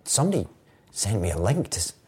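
A man's voice: on the low side, sing-song, fast, a little mellow, breathy edge. A man from Scotland, a guest in a library interview, amused and wry with hesitant restarts. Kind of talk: casual chat interview.

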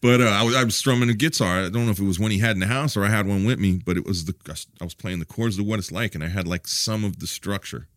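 A man's voice: fairly low pitch, fairly bright tone, no echo, clean studio sound. A middle-aged man telling stories as an interview guest, swearing casually, restarting his sentences and acting out other people's lines. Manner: profane, loose, halting restarts; acts out quoted voices in stories. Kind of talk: candid storytelling interview.

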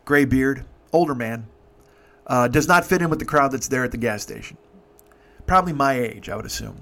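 A man in his fifties spins a long anecdote on his podcast. He swears freely and restarts his sentences as he goes. His voice sits in a middle pitch. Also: moderate pace, gravelly, a bit bright. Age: 50s. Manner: profane, rambling, many restarts. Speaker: podcast host. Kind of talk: casual storytelling.

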